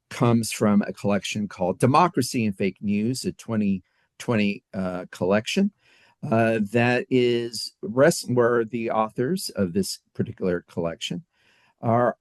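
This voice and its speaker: A man with a low voice co-hosts a podcast in relaxed conversation. He speaks haltingly, padding his sentences with fillers. The sound is dry and close, with no room echo. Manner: halting, filler-heavy delivery. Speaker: podcast co-host. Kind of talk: casual chat.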